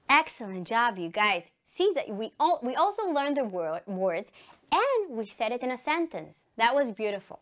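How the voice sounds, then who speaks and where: A woman's voice: a little high, normal speed. A woman with an Israeli accent teaching English to young children on television, singing letters and having them repeat sentences. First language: Hebrew. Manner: animated, sings letters and has children repeat. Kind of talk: televised primary-school English lesson.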